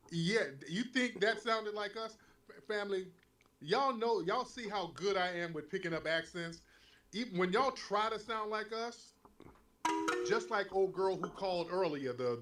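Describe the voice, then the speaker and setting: Animated Black American man hosting a call-in. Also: sits high. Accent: Black American English. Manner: animated, mocking, swings loud and soft. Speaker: host. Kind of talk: heated live call-in talk.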